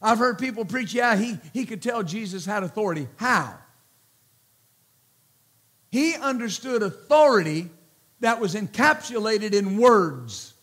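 A man preaching a sermon as pastor, slow and emphatic, repeating words and calling out praise between points. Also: high voice, expressive, fairly bright tone.

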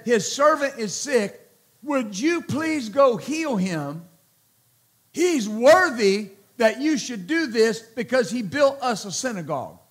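A man preaching a sermon as pastor, slow and emphatic, repeating words and calling out praise between points. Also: extremely high pitch, a bit bright.

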